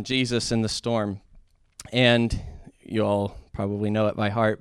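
A man's voice: medium pitch, clean tone, no echo, studio quality. A man giving an informal sermon, conversational and at times rising to fervent emphasis, with restarts along the way. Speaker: preacher.

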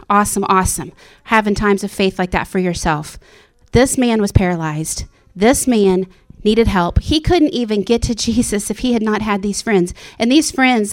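Woman preaching a sermon, gets really fired up and goes high, whispers the inner-thought bits. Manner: impassioned, rising to high excited exclamations.

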